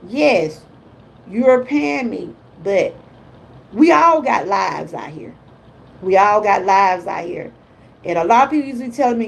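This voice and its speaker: A woman's voice: mid-range voice, animated, unhurried, creaky, rough recording. An older woman hosting a casual motivational livestream, chatty and folksy, talking to viewers as she reads out their comments. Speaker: lifestyle vlogger hosting a livestream.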